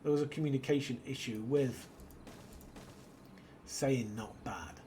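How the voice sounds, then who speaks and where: A British man chats his way through a let's-play. He drifts between stories and quiet asides to himself, in a voice of middling pitch with a faint hiss of noise under it. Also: unhurried. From Britain. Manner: rambling, muttering to himself between anecdotes. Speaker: gaming channel host. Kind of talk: casual let's-play commentary.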